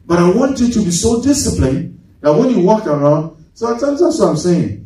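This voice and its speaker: A man's voice: high-pitched, very animated, moderate pace, mellow. A man preaching a sermon as pastor, asking the congregation rhetorical questions and drawing responses. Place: church sanctuary. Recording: echoey church hall, from far off.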